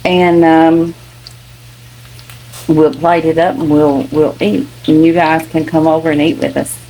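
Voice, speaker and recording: Low-voiced homey Kentucky woman cooking. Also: level tone, unhurried, mellow, a little hiss or hum, poor audio. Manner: chatty, homey, explains each step. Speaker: cooking channel host. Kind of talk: casual home cooking vlog.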